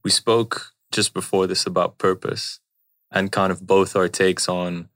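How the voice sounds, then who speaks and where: A man hosting a podcast and asking a guest a calm, measured question. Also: low voice, no room sound. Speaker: podcast host. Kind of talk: interview questions.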